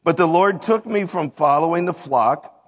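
A man's voice: on the high side, animated, normal speed. A man giving a sermon, reading verses aloud and then explaining them in plain words. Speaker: preacher. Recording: long hall reverb.

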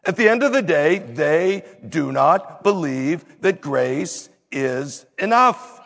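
Slow, gravelly preacher in a big hall. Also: male voice, on the high side, lively intonation, fairly bright tone. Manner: emphatic, slow and deliberate teaching. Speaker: pastor. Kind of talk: sermon.

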